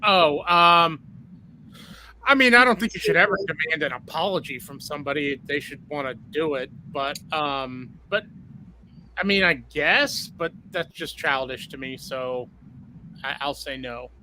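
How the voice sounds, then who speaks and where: A man's voice: fairly high pitch, unhurried, bright, forceful tone, slight background noise. A man on a casual panel chat who speaks in an easygoing way and often agrees briefly. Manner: easygoing, frequent short agreements.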